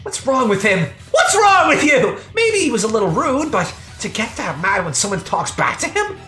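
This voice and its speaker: A woman hosting a game playthrough and tearing into it with sarcastic, swear-filled commentary. Her voice is bright and leaps widely in pitch, with a roomy echo around it. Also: a little fast, faint music behind. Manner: sarcastic, profane, animated. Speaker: let's-play host.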